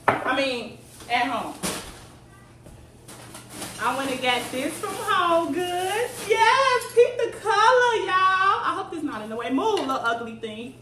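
Showing home decor finds in a casual haul vlog recorded indoors at home, a woman chats with viewers and calls them "y'all." Her voice sits high and sounds animated and fairly bright, with an unhurried pace and long pauses. The room is echoey, the mic is distant, and the audio is noisy.

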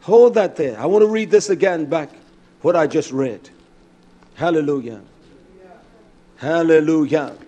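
A man preaching a sermon with fervent delivery that moves between shouts and quieter stretches, breaking in with repeated hallelujahs. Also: fairly high pitch, measured pace, long pauses. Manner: fervent, rising to shouts, then quieter and reflective.

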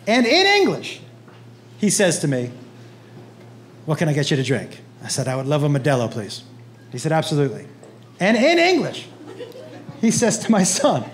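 High-voiced man telling stage stories. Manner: animated, acts out quotes with big pitch swings. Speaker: stand-up comedian. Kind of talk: stand-up storytelling. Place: comedy stage. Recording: noisy live stage recording.

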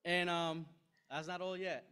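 A middle-aged male pastor delivers a sermon in a church, his voice sitting slightly high. He tells a personal story with animated, self-deprecating humor, often checking in with "right?". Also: measured pace, clear, resonant tone. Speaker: preacher. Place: church sanctuary.

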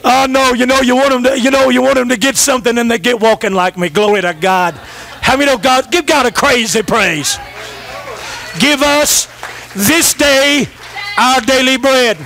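A middle-aged pastor delivers a sermon with a creaky voice, calling out to his congregation. He swings between shouted refrains and low, rapid asides.

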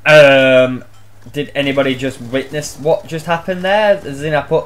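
A young man giving loud, swear-filled live commentary on his own gameplay, shouting out reactions as he plays. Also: mid-range voice, steady tone, measured pace, slight background noise. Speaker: gaming channel host.

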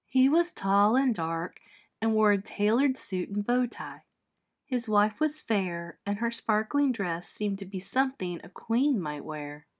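Brief: female teacher, mid pitch, expressive read-aloud of a kids' chapter book. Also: a little slow. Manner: expressive, clear storytelling. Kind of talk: children's storybook read-aloud.

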